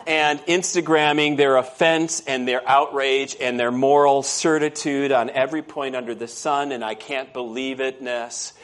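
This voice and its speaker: Male pastor, casual storytelling sermon style, keeps checking in with the congregation. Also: mid-range voice. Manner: storytelling, conversational, asks the congregation questions. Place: church.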